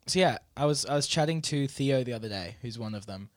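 A man's voice: mid-range voice, lively intonation, brisk, no echo, studio quality. A man co-hosting a podcast in casual chat, rambling with many ums and giggling often. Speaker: podcast co-host.

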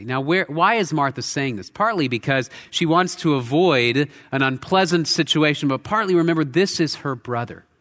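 A male pastor preaching a sermon in a church, earnest, shifting between intense emphasis and quiet reflection. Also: medium pitch. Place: church sanctuary. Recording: long hall reverb.

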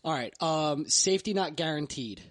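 A man's voice: on the high side, lively intonation, moderate pace, a bit bright. A man in a casual podcast chat, bantering and sharing movie trivia.

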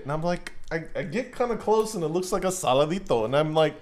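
A man's voice: high voice, lively intonation, fairly quick. A man telling a profane story in casual chat, acting out both sides of the exchange.

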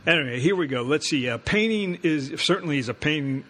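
A man co-hosting a home-improvement radio show, easygoing and quick to laugh, reading listener mail. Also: fairly high pitch, animated, bright, forceful tone. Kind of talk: scripted comedy banter.

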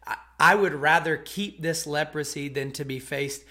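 A man's voice: a little high, normal speed, sharp tone. A man voicing a proud, offended ancient army commander while retelling a sermon story. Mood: indignant.

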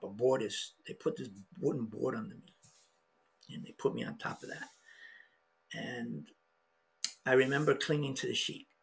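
Gravelly man telling a story, halting. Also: mid-range voice. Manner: halting, emotional, with many restarts. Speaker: podcast guest. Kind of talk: personal storytelling.

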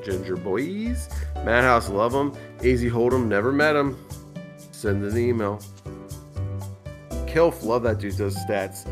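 A drunk man co-hosting a podcast, rambling and swearing in casual chat. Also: lowish voice. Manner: rambling, profane. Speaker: podcast co-host.

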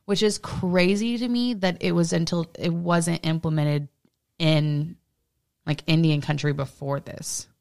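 Low gravelly woman podcaster. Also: steady tone, unhurried, a little mellow. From Illinois. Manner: chatty, frequent "like" fillers, laughs often. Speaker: podcast co-host. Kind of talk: casual chat and reading notes aloud.

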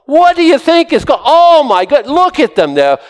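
Shrill, scandalized fault-finders gasp at the smallest slip, their voices jumping high and wide, as a preacher puts them on. A fussy, indignant male religious manner. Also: huge pitch swings, normal speed, exaggerated voice.

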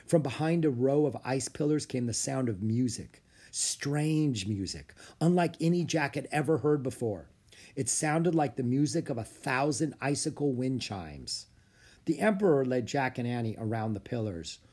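A man narrating a children's book aloud with expressive storytelling. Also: medium pitch, moderate pace, breathy edge. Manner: expressive, story-telling delivery. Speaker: audiobook narrator.

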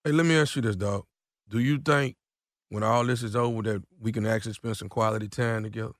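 A man's voice: fairly low pitch, fairly even intonation, quick pace, no echo, clean studio sound. A man on a radio show making a prank phone call, talking in laid-back street slang and stumbling over repeated words.

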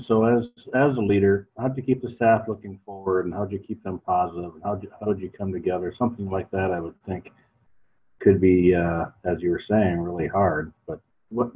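A man's voice: fairly low pitch, fairly even intonation, a little fast, a little hiss or hum. A man hosting an interview, asking encouraging and inquisitive questions. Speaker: podcast host, interviewer. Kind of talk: podcast interview. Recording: tinny phone line.

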